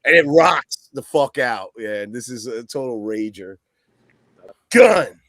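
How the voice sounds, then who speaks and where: A man's voice: mid-range voice, expressive, a little slow, fairly bright tone, no echo, studio quality. A man guest on a podcast chatting casually about a record, rambling, swearing and laughing often. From East Coast of the US. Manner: rambling, profane, laughs a lot.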